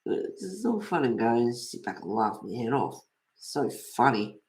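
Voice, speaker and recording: Chatty woman, fifty-plus, relaxed livestream host who tells neighbourhood gossip and laughs a lot. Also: extremely low pitch, a little slow. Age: 50s or older. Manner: gossipy storytelling, laughs often. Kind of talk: casual chat while colouring.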